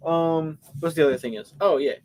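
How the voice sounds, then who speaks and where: A man co-hosting a live podcast in a casual movie review chat, retelling scenes with lively acted-out quotes. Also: a little high, fairly quick. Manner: animated storyteller, acts out scenes. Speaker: podcast co-host.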